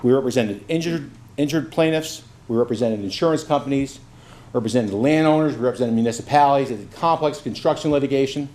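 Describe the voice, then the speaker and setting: A man in his fifties gives a campaign speech at a candidates' forum, at an average pitch for a man. He tells stories from home with easy, self-deprecating humor, then walks through his career in a steady, earnest way. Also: fast talker. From Brooklyn, New York. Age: 50s. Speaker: judicial candidate.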